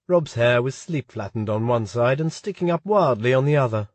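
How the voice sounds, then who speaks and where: A man narrating an audiobook in a steady, even reading on a close mic. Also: medium pitch, normal speed, few pauses, breathy edge, no echo. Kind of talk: scripted narration.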